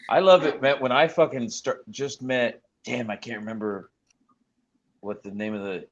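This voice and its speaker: A man's voice: medium pitch, steady tone, moderate pace. A man with an American Southern accent in a casual podcast chat, swearing freely and rambling with restarts while he works on something with his hands. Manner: busy with a hands-on task while talking. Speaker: podcast co-host. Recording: dull lo-fi sound with faint noise.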